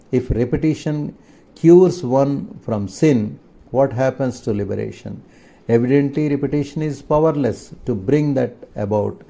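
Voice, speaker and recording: A man reading a spiritual text in a measured, earnest way. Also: medium pitch, vocal fry, dark tone. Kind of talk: scripture reading.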